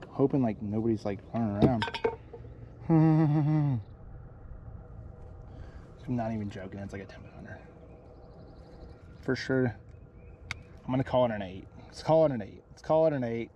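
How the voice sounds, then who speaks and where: Jittery young man, hushed and rambling. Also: medium pitch, muffled recording, a little hiss or hum. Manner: rambling, breathless, says like and freaking a lot, often hushed. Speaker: fishing vlogger. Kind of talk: excited fishing vlog. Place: on a boat out of doors.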